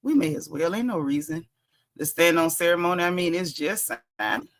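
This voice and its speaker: A woman's voice: fairly low pitch, brisk. A woman hosting a casual gossip commentary show, chatty and sassy, laughing and reading blog posts aloud with her own asides. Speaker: host.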